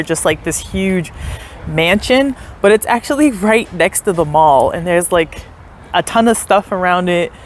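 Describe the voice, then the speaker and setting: In this casual travel vlog, a young woman tours a historic house, both outdoors and in the tourist building, talking to her viewers in a chatty way full of "like" and unsure side remarks. Her voice is on the low side, and there's a little hiss or hum.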